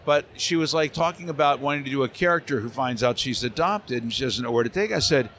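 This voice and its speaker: Animated male voice actor at a convention. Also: mid-range voice, fast, slight background noise. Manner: lively, slips into character voices. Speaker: voice actor guest. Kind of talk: animated interview storytelling. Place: convention center hall.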